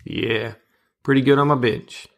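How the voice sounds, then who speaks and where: A man's voice: mid-range voice, fairly even intonation, unhurried, creaky. Chatty man co-hosting a sports podcast. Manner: chatty, joking, reads out stats. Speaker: podcast co-host. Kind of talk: casual sports chat.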